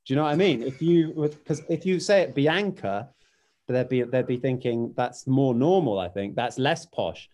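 A man hosts a relaxed interview, picking his words with hesitation. His voice is warm and dark in tone. Sentences often trail off quietly. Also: medium pitch, moderate pace, few pauses. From United Kingdom. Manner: hesitant, thoughtful, trails off softly. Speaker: podcast host. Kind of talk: casual interview chat.

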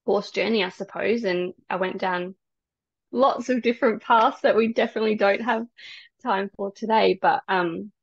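A woman tells her story as a podcast guest, soft-spoken and hesitant with many ums. Her voice has some gravel to it. The recording is dry and a little dull. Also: mid-range voice, fairly even intonation, normal speed, no room sound. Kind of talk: casual interview chat.

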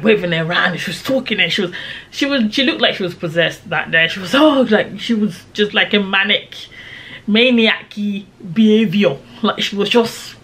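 A young woman, dramatically retelling a personal story in a casual vlog. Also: medium pitch. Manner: animated, dramatic retelling with quoted shouts. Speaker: storyteller vlogger.

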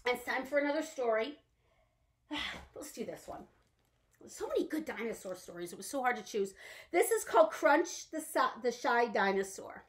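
A children's librarian leading an animated storytime, coaxing young listeners to join in and answer. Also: female voice, on the high side, moderate pace. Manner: animated, coaxing, addresses kids directly. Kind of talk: storytime reading with songs. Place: library, indoors.

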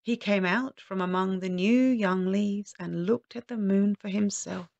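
A woman telling a children's story aloud in a gentle, lilting, expressive way. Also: medium pitch, a little slow, gravelly, no room sound, dull audio.

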